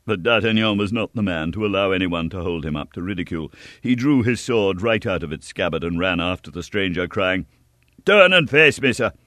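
A man narrating a novel in an expressive, measured audiobook reading. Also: sits low, dry recording, clean studio sound.

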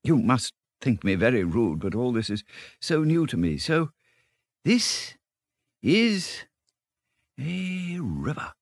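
A man's voice: medium pitch, big pitch swings, slow, long pauses, dry recording, pitched above the performer's own voice, exaggerated voice. A man reading a storybook, voicing a shy, wondering young male mole who stammers and hesitates. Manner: hesitant, stammering, wide-eyed.

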